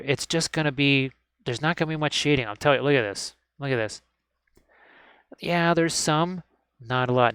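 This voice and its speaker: A chatty man sits at his hobby desk, teaching miniature painting live to his viewers. His voice sits a little high for a man and comes across smooth and clean. The sound is close and dry, with no room echo. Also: a bit bright. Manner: chatty and upbeat, often repeating "look at this". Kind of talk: live painting tutorial stream.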